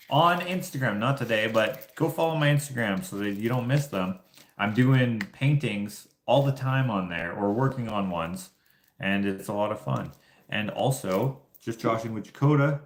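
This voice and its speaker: Male streamer, lowish voice, rambling casual talk, echoey room sound. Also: a bit bright. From Canada. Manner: rambling storyteller, many fillers and restarts. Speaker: livestream host. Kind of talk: casual livestream chat. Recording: roomy echo.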